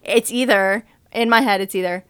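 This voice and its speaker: A woman's voice: mid-range voice, fairly even intonation, normal speed, a bit bright, smooth. A young woman chatting playfully on a video call, teasing her friend during a movie-quote guessing game. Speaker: game player. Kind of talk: casual chat.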